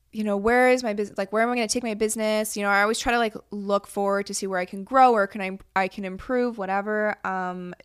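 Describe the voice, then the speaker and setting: In a clean, medium-pitched voice, a young woman co-hosting a podcast chats casually, animatedly telling stories and acting out what the people in them said.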